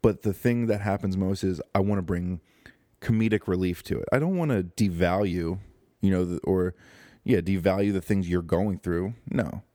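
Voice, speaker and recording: A man's voice: low-pitched, moderate pace, mellow, no echo. A young man hosting his own podcast, talking casually in a rambling, joking way with lots of fillers and restarts, close to the microphone. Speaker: podcast host. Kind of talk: casual solo podcast monologue. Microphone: close studio microphone.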